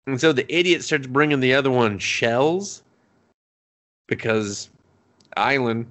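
A young man chatting on a podcast with a bright, animated voice that leaps up and down. He rambles, swears freely and laughs a lot as he recaps a show. He keeps the talk loose and casual. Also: measured pace, pauses often. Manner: rambling, profane, laughs often, acts out characters in a high voice. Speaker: podcast co-host. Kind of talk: casual chat, recapping an anime episode.

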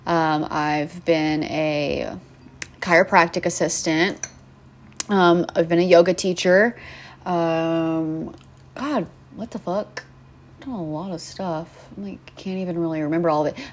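A woman's voice: lowish voice, fairly even intonation, measured pace. Profane, rambling young woman venting. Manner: profane, rambling, sarcastic, lots of fillers. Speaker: podcast host. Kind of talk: casual venting monologue.

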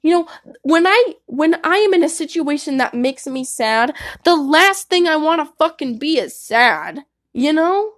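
A woman's voice: high-pitched, sing-song, measured pace. A young woman giving candid, casual advice to her viewers, swearing freely and saying "like" a lot. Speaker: vlogger.

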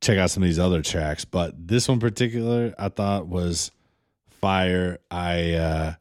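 A man's voice: low voice, a little slow, no room sound, clean studio sound. A man co-hosting a radio show in casual chat, laid-back and rambling, swearing now and then.

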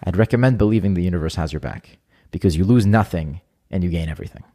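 A man's voice: deep voice, fast, dark tone. A young adult man speaking as a podcast guest in an earnest, reflective way during casual conversation.

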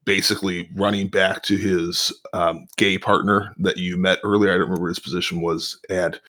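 A man with a very low voice talks through the plot of a TV episode. He is calm and measured, explaining things step by step with the odd filler. The delivery is thoughtful rather than excited. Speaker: podcast co-host. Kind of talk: casual analytical TV recap.

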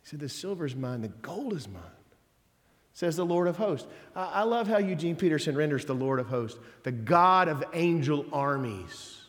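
In an echoing church sanctuary, a pastor preaches at a moderate pace in a slightly high, expressive voice. His sermon is conversational, marked by folksy asides and emphatically delivered quotes.

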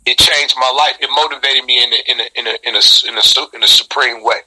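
Male rapper, middle-aged, husky and bright, animated profane storyteller. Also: fast, rough recording. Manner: animated and profane, reenacting quotes with sudden high shouts. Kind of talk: storytelling in a casual interview.

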